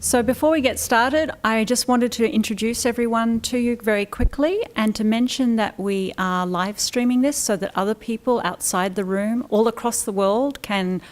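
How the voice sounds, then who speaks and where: A woman moderating a panel, briskly introducing each speaker with light jokes in a room with an audience. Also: mid-range voice.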